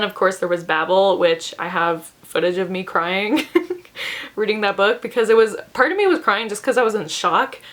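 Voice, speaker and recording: A woman's voice: on the low side, a bit bright. Young adult woman, casual book vlogger, effusive, giggly, filler-heavy delivery. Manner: gushing, chatty, laughs often, lots of fillers. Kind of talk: casual chat to camera.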